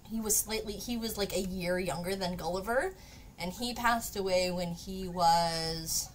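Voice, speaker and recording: A woman's voice: mid-range voice, a little hiss or hum. A woman chatting casually to her viewers during a live craft stream, laughing often and swearing now and then.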